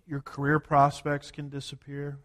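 A man from the United States preaching a sermon as a pastor, working through numbered points and slowing down to stress key words. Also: a little high, completely flat delivery, fairly bright tone. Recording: long hall reverb.

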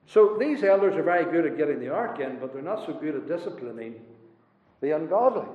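Fiery preacher in an echoing hall. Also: male voice, lively intonation, brisk. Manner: swings from loud rising declarations to hushed low asides. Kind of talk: sermon. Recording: roomy hall echo, dull lo-fi sound.

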